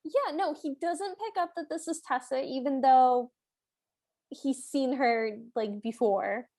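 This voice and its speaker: High-pitched woman chatting about a movie on a podcast, laughs a lot. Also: slow, warm tone. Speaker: podcast co-host. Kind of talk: casual movie recap chat.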